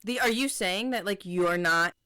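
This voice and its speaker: A woman's voice: medium pitch, normal speed, sharp tone, clear, resonant tone, no room sound. A woman co-hosting a podcast, chatting casually about a book and restarting her sentences as she paraphrases characters. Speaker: podcast co-host.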